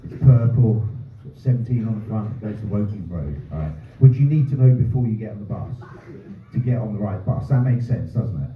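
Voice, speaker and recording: A man from North doing a stand-up set, ranting and swearing with dry deadpan asides. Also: fairly low pitch, brisk, a little hiss or hum. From North London. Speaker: stand-up comedian. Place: small pub comedy room. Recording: roomy, distant, phone-like sound. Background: audience laughter.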